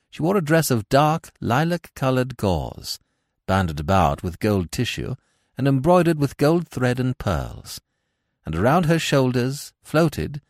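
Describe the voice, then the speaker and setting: A man narrating a classic novel in expressive, dramatic storytelling style for a podcast. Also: mid-range voice, no echo, clean studio sound.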